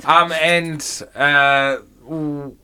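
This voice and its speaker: A man's voice: a little high, steady tone, very slow, bright, forceful tone. A man hosting a casual radio interview, hesitant, with frequent ums and restarts. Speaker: radio host.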